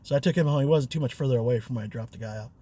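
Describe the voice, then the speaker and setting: A man's voice: mid-range voice, racing, dark tone. A man, a rideshare driver and vlogger, telling a story in a chatty, loose way with fillers and chuckles. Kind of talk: casual storytelling.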